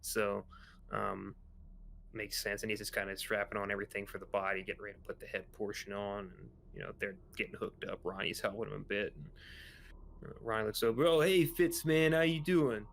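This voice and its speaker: A man narrating as the game master of a sci-fi tabletop game, in a relaxed way with many pauses and "um"s. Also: lowish voice, gravelly, a little hiss or hum.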